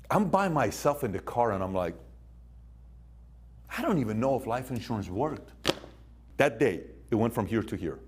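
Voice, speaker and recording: This motivational speaker has a fairly low, darkish, husky voice. He tells stories in a punchy style and throws questions out to the room.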